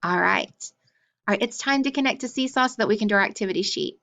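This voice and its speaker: In a mid-range voice that sounds pushed and bright, a woman leads a phonics lesson for young children. She sounds out each letter slowly and clearly and praises them often.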